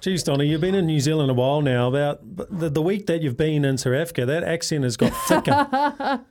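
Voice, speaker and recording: A man's voice: on the high side, lively intonation, a little fast, a little mellow, a little hiss or hum. A man co-hosting a sports radio show, matey and joking, reeling off match stats.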